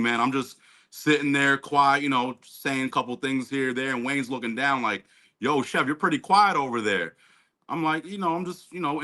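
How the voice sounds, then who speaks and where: A man on a remote call telling a story with bright, forceful energy. He leans on slang and lots of fillers as he talks. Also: medium pitch. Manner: animated, street slang, many fillers. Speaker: guest. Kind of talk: casual storytelling.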